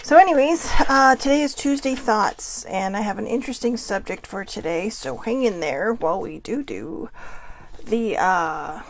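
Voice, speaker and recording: A woman hosting her own vlog, chatting casually with frequent fillers and laughs, telling stories with lively quoted voices. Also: mid-range voice, normal speed, a little hiss or hum. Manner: animated, lively quoting in dream story. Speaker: vlog host. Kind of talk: casual rambling chat.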